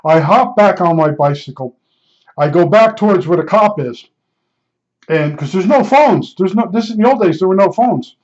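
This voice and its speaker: A man's voice: sits high, animated, moderate pace, darkish tone. Older guy rambling thru a story, blunt, repeats stuff, kinda muffled recording. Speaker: podcast storyteller. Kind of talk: casual spoken storytelling. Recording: slightly dull lo-fi recording.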